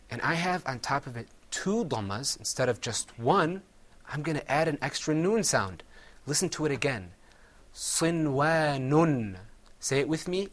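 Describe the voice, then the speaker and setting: A man teaching a Quran recitation class, patiently quizzing his students and drilling words slowly with them. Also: mid-range voice, fairly bright tone.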